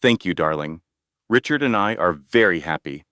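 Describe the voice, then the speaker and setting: A man's voice: low-pitched, lively intonation, moderate pace, pushed and bright, no echo, studio quality. A man voicing a defiant, haughty young actress.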